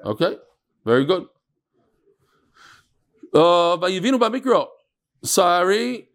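Man, study-group teacher, fairly high voice, chanting and explaining. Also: animated, slow. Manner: chanting and explaining texts, many restarts, joking asides. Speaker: Talmud teacher. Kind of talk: casual study-group lecture.

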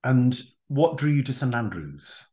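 A man hosting an interview, asking long questions in a halting way with repeated words. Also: medium pitch, very animated, mellow. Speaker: podcast host.

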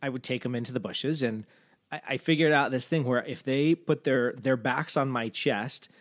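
A man's voice: mid-range voice, normal speed, no room sound, clean studio sound. A man hosting a podcast interview, chatting casually and laughing along with his guest. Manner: easygoing, laughs along, brief agreeing replies. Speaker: podcast host; father. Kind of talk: casual chat.

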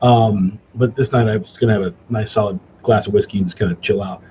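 Middle-aged man telling animated stories. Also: lowish voice, fast, muffled recording, a little hiss or hum. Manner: animated, self-mocking anecdotes with restarts. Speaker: cigar company guest. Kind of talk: casual storytelling chat.

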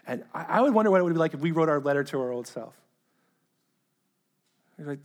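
A man delivers a sermon with earnest conviction, his voice sitting a little high for a man. He doubles back on words when he stresses a point and lets his thoughts fade into a hushed, quiet finish. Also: expressive, quick pace, long pauses. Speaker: pastor. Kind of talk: sermon reading a letter aloud.

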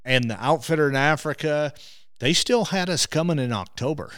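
A man who hosts a hunting show, telling stories as an interview guest. He gets animated and restarts his words when excited. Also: fairly high pitch, normal speed, dry recording, studio quality. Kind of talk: animated storytelling.

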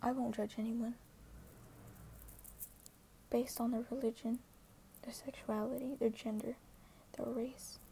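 Soft, gravelly teenage girl vlogging. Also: fairly high pitch, little pitch movement, a little slow, long pauses, a little hiss or hum. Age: teens. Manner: earnest and hesitant, many fillers, often half-whispered. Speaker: social media poster. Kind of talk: casual vlog monologue.

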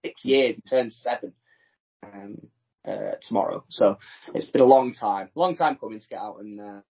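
A man's voice: on the low side, normal speed, gravelly, breathy edge, highs cut off. A man co-hosting a podcast, chatting casually and rambling through holiday stories from abroad over a remote line. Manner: chatty, rambling, self-deprecating banter. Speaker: podcast co-host. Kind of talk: casual chat. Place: holiday home in France, remote.

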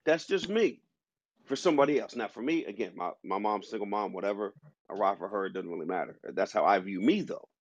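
Husky, emphatic man arguing his point. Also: lowish voice, fairly quick, dry recording. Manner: emphatic, argumentative. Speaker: podcast host. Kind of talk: opinionated discussion. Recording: dull lo-fi sound.

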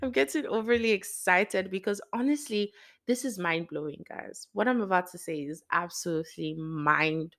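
Excitable rambling woman, gravelly edge. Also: lowish voice, moderate pace. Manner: rambling and excitable, with frequent fillers and asides. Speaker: faith vlogger. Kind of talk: casual devotional talk to viewers.

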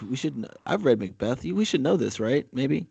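A man's voice: mid-range voice, big pitch swings, fairly quick, gravelly, mellow, husky, no echo. A man in casual conversation as a co-host, rambling with frequent fillers and restarts, and reading a speech aloud. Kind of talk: casual chat.

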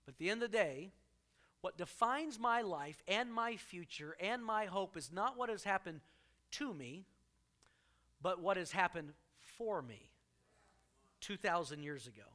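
A man preaching a sermon to a congregation, joking with the crowd and punching key lines with sudden loud emphasis. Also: sits high, expressive, a little slow, pauses often. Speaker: pastor.

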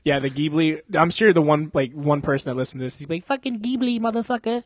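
In a dry recording, a young podcast host with a fairly high voice chats at a quick pace and a steady tone. The talk is casual and rambling, full of profanity and frequent laughter.

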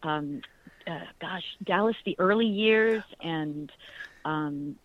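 A woman in her fifties, an actress chatting enthusiastically in an interview, full of fillers and warm thanks. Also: low-pitched, slow, dry recording, phone-quality sound. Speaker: actress guest. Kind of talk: casual interview chat.

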